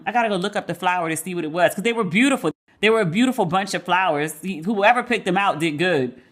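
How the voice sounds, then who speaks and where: A woman's voice: fairly low pitch, animated, fast. A woman hosting a podcast, chatting casually about celebrity news in a candid, gossipy way with blunt, profane asides and playful talk of her crushes. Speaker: podcast host. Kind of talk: casual pop-culture commentary.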